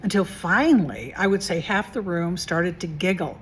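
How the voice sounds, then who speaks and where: This mentor and coach addresses her audience directly in a relaxed self-help vlog, expressive and talkative, leaning on rhetorical questions and repeated phrases to drive points home. She speaks on the low side at normal speed, over slight background noise.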